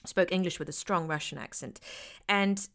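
Bright-voiced, lively woman telling stories. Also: lowish voice, moderate pace. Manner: lively, laughing storyteller. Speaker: actor. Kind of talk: casual conversation.

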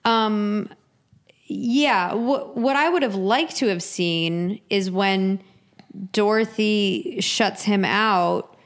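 A woman's voice: mid-range voice, extremely slow. A woman with a mid-range voice co-hosting a podcast. She chats casually and recaps the plot, slipping into the characters' lines as she tells it. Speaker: podcast co-host. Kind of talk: casual chat.

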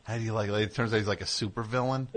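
A man hosting a comedic call-in show, teasing guests and callers with rapid-fire riffs. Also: on the low side, steady tone, heavy background noise. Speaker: radio show host.

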